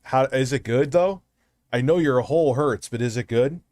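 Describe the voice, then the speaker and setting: A man's voice: mid-range voice, normal speed, a little mellow, dry recording, studio quality. A man hosting a livestream, chatting casually with lots of swearing, rambling and restarting his sentences. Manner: restarts and trails off. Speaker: livestream host.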